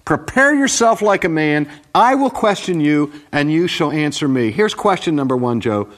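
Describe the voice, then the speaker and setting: A man's voice: medium pitch, animated, measured pace, natural voice. A man preaching a sermon while voicing God as a stern, all-powerful voice that rebukes and fires off questions. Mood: demanding. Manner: commanding, rebuking, rhetorical questioning.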